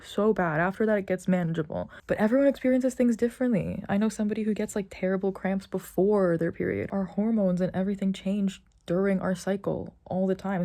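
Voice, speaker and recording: A young woman, an art vlogger, rants frankly about her own life in a personal vlog, tired and in pain. She swears often and sometimes drops to a whisper. Her mid-range voice has a warm tone.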